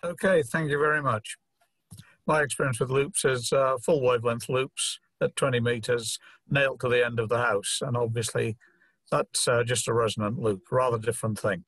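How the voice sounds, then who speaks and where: A man on a video call giving a measured comment with pauses. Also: medium pitch, fairly even intonation, a bit bright, slightly rough, dry recording. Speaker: club member commenting.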